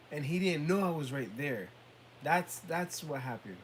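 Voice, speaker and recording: A man co-hosting a casual talk show, telling relaxed stories about his sons and mimicking them. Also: a little high, normal speed, a little hiss or hum, low-quality recording. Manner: relaxed storytelling, laughs often, mimics kids and parents. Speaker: podcast co-host. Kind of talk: casual chat.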